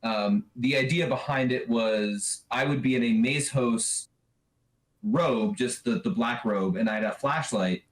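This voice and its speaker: A man guest in a casual video call chat, telling a story with animated stumbles and restarts. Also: medium pitch, measured pace. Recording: roomy echo.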